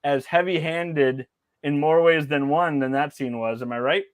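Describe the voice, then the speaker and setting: A man's voice: on the high side, moderate pace, clear, resonant tone, no room sound. A man co-hosting a podcast in casual chat, rambling with restarts and fillers. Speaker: podcast co-host.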